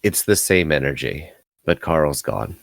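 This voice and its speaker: Grave, very deep-voiced hero, a man doing it, calm and imposing. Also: unhurried, vocal fry, full character voice. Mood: solemn. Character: solemn imposing male hero, calm and unaggressive.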